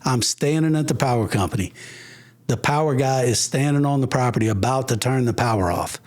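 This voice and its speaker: Animated man telling his testimony. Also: mid-range voice, fairly quick. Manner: animated, acts out quoted voices. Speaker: podcast guest, ministry founder. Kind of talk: personal testimony storytelling.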